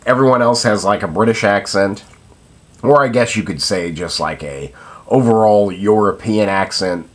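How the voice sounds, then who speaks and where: A man's voice: fairly low pitch, normal speed. A young man giving a casual spoken film review, hesitant and full of ums and uhs.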